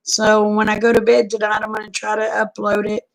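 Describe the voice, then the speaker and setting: A woman's voice: medium pitch, monotone, a little fast, creaky, poor audio. A woman chatting casually on a live stream, folksy and drawling, greeting viewers by name.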